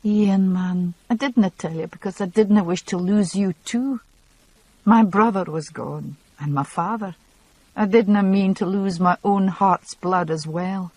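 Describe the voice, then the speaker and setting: A woman reading an audiobook voices a devoted Highland wife with a Scottish accent, speaking in a tender, pleading way. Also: unhurried, darkish tone, no room sound, close to an everyday voice.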